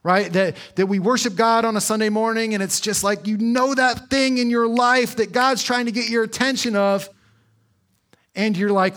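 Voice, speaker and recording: A man preaching a sermon in an earnest, conversational way, slowing down for emphasis. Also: high voice, steady tone, fairly bright tone. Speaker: pastor.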